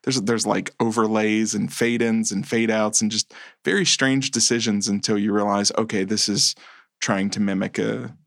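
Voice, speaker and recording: A man's voice: fairly low pitch, fairly even intonation, normal speed, gravelly, a bit bright, dry recording, clean studio sound. A man co-hosting a podcast about movies, talking casually, rambling a little and correcting himself as he goes. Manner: rambling, self-correcting, chuckles often. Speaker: podcast co-host. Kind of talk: casual film chat.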